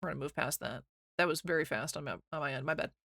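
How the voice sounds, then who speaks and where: A young woman with a light Missouri accent chats loosely with her viewers, rambling from one thought to the next and giggling often. Her voice is bright and forceful. The sound is dry and close, with no room around it. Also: low-pitched, quick pace, gravelly, no room sound. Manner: chatty, rambling, giggly, reads chat aloud. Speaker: streamer. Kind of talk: casual chat with stream chat.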